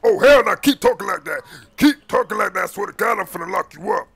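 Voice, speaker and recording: A gruff, blustering cop on the take, as a man voices him in a game role-play, with a deeply gravelly, husky voice. He is bright and forceful, pitched a touch high, and he stammers through slangy street talk. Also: moderate pace, exaggerated voice. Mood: scheming. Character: crooked male cop after a bribe, gruff and blustering. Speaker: police officer.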